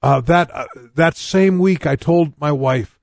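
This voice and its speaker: A man's voice: a little high, a little slow, vocal fry, no room sound. Earnest older man giving a testimony. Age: 60s. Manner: earnest, plain-spoken storytelling that speaks straight to listeners. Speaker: preacher. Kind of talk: personal testimony sermon.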